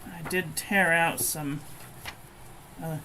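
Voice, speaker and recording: A woman's voice: sits low, fairly even intonation, slow pace, background noise. A woman giving a casual, blunt and frankly profane review of pens and paper. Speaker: stationery reviewer.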